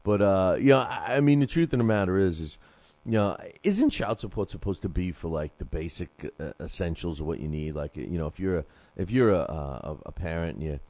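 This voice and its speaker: Deep-voiced rambling boxing show host. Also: male voice, animated, brisk, dark tone, no echo. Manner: rambling, full of fillers and restarts, calls listeners "man". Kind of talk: casual boxing commentary.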